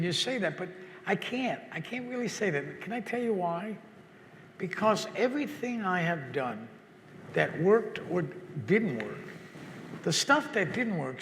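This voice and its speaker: An older man speaking as an interview guest, reflective and halting, often repeating words as he searches for his thought. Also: sits high, fairly bright tone, long reverb tail, a little hiss or hum. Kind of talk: reflective conversation.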